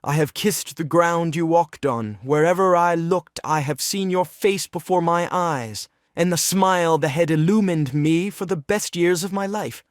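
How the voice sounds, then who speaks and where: Guy doing despairing young writer in love, pleading, earnest, mid-pitch, play reading. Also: animated, measured pace, no room sound, clean studio sound, lightly acted.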